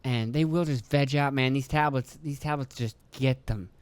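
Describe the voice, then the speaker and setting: On his own podcast, a young man from rural Pennsylvania talks in a loose, joking, foul-mouthed ramble, his throat sounding phlegmy. He slips into quick voices to play his kids and himself, and his clean mid-range voice is recorded dry.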